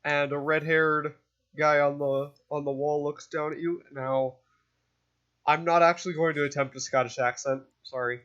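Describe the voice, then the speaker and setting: A man narrating a tabletop game as game master, pausing and restarting with fillers as he describes the scene. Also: on the high side, little pitch movement, fairly bright tone, dull audio. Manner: hesitant, halting narration with fillers.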